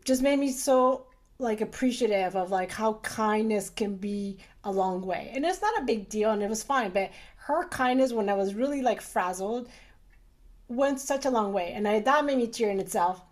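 A woman's voice: medium pitch, animated, normal speed. A middle-aged woman, a doctor, chatting casually and animatedly with many fillers. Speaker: urologist, guest. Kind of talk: casual conversation.

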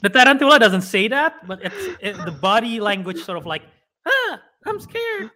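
A young man co-hosting a podcast, rambling as he retells scenes and tosses in quick acted-out quotes. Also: sits high, lively intonation, bright, forceful tone. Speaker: podcast co-host. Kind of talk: casual chat.

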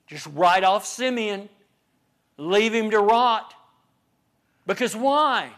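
A man's voice: high-pitched, lively intonation, slow, a bit bright. A man teaching a Bible study class, repeating phrases for emphasis and asking rhetorical questions.

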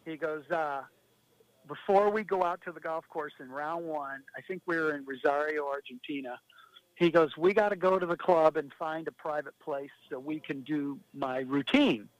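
A man with a high voice tells rambling golf-tour stories, laughing as he goes. His delivery is animated and loose, like a chatty radio guest. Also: normal speed, no room sound, rough recording. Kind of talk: casual storytelling.

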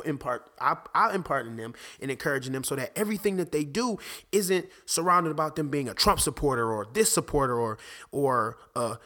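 A man hosting a podcast, talking casually about faith and fatherhood, animated, with many restarts. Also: on the high side. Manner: animated, restarts often, acts out conversations. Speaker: podcast host.

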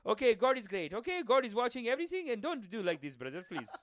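A man's voice: very high voice, very animated, fast talker, a bit bright, slight background noise, pitched above the performer's own voice, heavily acted. A man voicing a rich, pushy oil tycoon with a put-on Arabic accent and broken English. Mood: demanding. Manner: broken English, repeats "God is great".

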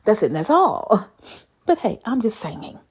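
A woman's voice: a little slow, husky. A young woman telling a dating story in a casual vlog, profane and exasperated, with her voice leaping up in disbelief. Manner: animated, profane, exasperated storytelling with sudden high squeals of disbelief. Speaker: vlogger.

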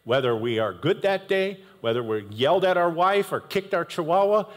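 An animated male pastor delivers a sermon, chatting with his congregation and cracking asides as he goes. His voice sits a little high and moves with lively swings. A long hall reverb trails behind every phrase. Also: normal speed. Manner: animated and conversational, with jokey asides.

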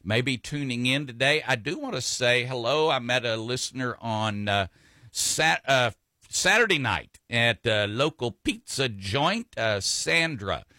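A man's voice: mid-range voice, lively intonation, unhurried, pushed and bright, no echo. A man hosting a radio talk show, chatting in a folksy, rambling way with frequent fillers and restarts. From Texas.

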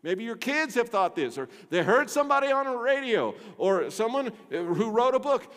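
A man preaching a sermon to his church, swinging between loud emphasis and hushed low tones, with a bass singing voice. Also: very animated, moderate pace, hardly any pauses. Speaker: pastor. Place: church sanctuary. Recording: long hall reverb.

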